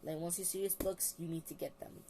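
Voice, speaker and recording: A woman with a slightly low voice talks casually into a phone, tired and rambling. She restarts her sentences and reads out long lists of topics. A faint hiss of room noise sits under her voice. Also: steady tone, fairly quick, mellow. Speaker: vlogger. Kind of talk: casual book review.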